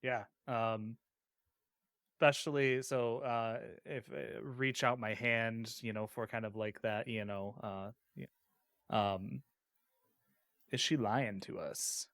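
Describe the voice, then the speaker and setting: A man playing a tabletop game, describing his actions in a halting, filler-laden way. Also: medium pitch, fairly even intonation, fairly bright tone, no echo, clean studio sound. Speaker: player.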